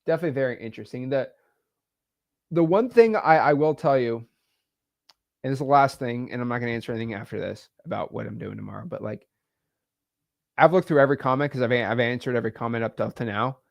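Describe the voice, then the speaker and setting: A young man hosting a live stream, talking emotionally and haltingly, repeating words and sighing. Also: medium pitch, creaky, no echo, clean studio sound. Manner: halting, repeats words, sighs, swings between loud and quiet.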